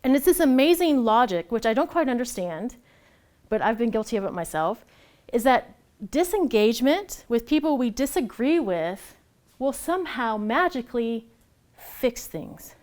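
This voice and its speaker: A woman giving a personal storytelling talk, animated and laughing easily as she acts out the voices she quotes. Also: on the high side, normal speed. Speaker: speaker at a storytelling event.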